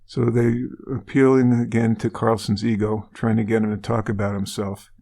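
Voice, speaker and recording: A man's voice: lowish voice, little pitch movement, moderate pace, creaky, warm tone. A man co-hosting a true-crime podcast, retelling a case casually with wry asides. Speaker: podcast co-host.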